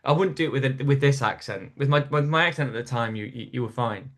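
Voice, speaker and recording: A man's voice: medium pitch, fast talker. A man from North East England, a stand-up comedian, telling stories in a casual podcast chat with frequent restarts. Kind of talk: storytelling in casual interview.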